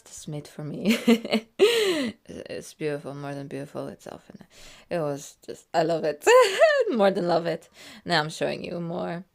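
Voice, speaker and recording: Talking over her own video in a loose, rambling way, a woman giggles frequently and swings from loud bursts of excitement to soft murmured asides. She has a low-pitched voice with vocal fry.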